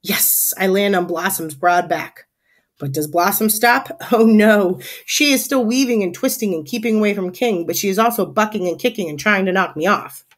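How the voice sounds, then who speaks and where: A woman teacher reading a children's chapter book aloud for her class. Her storytelling is animated and expressive, in a mid-pitched voice. She leans into the lively moments of the story. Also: brisk.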